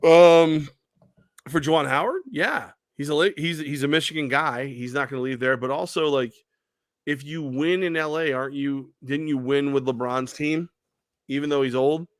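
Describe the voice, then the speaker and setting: A man's voice: a little high, normal speed, no room sound. Sports show guy telling a story, acts out the quotes, dry close sound. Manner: animated storyteller who acts out quoted voices. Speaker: sports talk show co-host. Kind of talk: casual sports talk.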